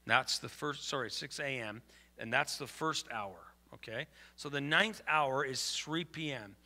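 A man's voice: mid-range voice, a little slow, bright, forceful tone, big-room sound. A man preaching a sermon as pastor, conversational and asking the congregation for amens. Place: church.

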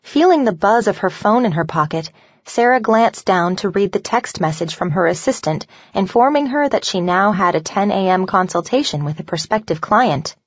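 A woman's voice: medium pitch, lively intonation, moderate pace, breathy edge, no echo, muffled recording. Woman narrating a novel, dry close sound. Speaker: audiobook narrator.

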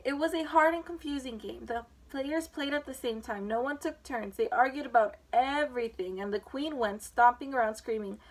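A woman with a fairly high voice reads a children's storybook aloud. Her reading is relaxed and informal, with the odd um as she points out the pictures. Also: moderate pace, hardly any pauses, rough recording. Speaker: reader.

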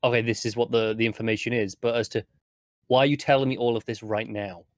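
A British man co-hosting a TV discussion podcast, adding comments in a hesitant, halting way. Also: medium pitch, fairly even intonation, dry recording. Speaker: podcast co-host. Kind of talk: casual TV discussion.

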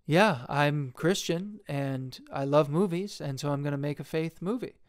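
This young man, an indie filmmaker, has a clear, resonant tone and speaks at normal speed. His talk is a jittery, self-deprecating ramble, punctuated by frequent laughter and abrupt jumps into a high squeak.

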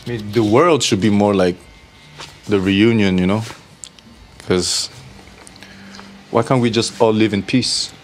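A man in casual chat, telling lively stories and mimicking people he knew. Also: lowish voice, unhurried, pauses often, a little hiss or hum. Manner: animated storyteller, imitates people.

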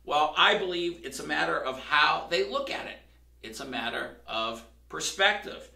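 A man's voice: a little high, vocal fry, bright, forceful tone, distant mic. A male pastor preaching a sermon in a conversational way that builds to emphatic questions. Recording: roomy, from across the room.

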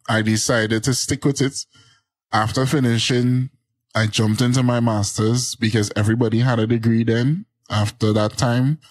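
A man from Trinidad talks as a guest on an interview podcast. His voice is a steady, slightly drony mid pitch, and he explains things at length. The sound is dry and close to the mic, with no room echo. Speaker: guest, agricultural journalist. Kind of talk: casual interview.

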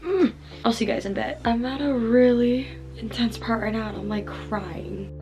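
A woman's voice: a little high, brisk, over music. A young woman talking casually to her camera as a vlogger, chatty and emotional, laughing often. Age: young adult. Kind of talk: casual vlog chat. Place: car, dorm room.

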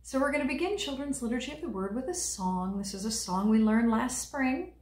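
Woman leading a children's liturgy, bright-toned, gentle and encouraging, in an echoey room. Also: on the high side, lively intonation, brisk. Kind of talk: teaching young children.

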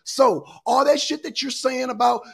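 A man's voice: very high-pitched, fairly even intonation, normal speed, creaky, breathy edge. A male host arguing heatedly and with heavy profanity on an online panel, repeating his points.

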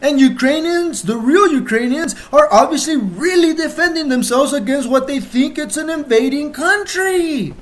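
Talking straight to the audience, a channel host delivers a heated, emotional monologue packed with profanity. The high-pitched, expressive voice swings between sudden loud outbursts and slow, stressed lines.

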